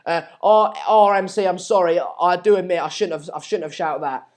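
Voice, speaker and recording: A man's voice: high voice, a little fast. A young man hosting a casual live stream, reading out viewer comments in a hesitant, rambling way with many fillers.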